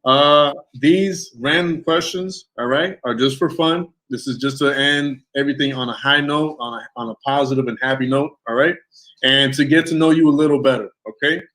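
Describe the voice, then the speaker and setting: Casual male interview host, relaxed and chatty, mid-pitched voice. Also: normal speed, rough recording. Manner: relaxed, easygoing, often trails off with fillers.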